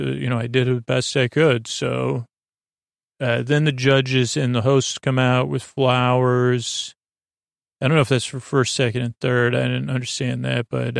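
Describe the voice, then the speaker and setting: A man's voice: mid-range voice, vocal fry, dry recording, studio quality. A man hosting a sleep podcast, recapping a show in a casual, rambling way with many hesitant fillers.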